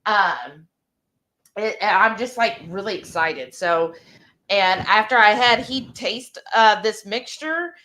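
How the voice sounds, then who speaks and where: A woman hosting a live cooking stream, chatting casually in an excited, rambling way. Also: medium pitch, takes it slowly.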